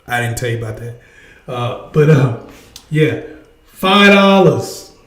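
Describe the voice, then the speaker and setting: A man's voice: mid-range voice, fairly even intonation, a little slow, a little mellow, echoey room. A man hosting a casual livestream, energetically urging his viewers to join in. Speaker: livestream host. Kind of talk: casual live chat with viewers.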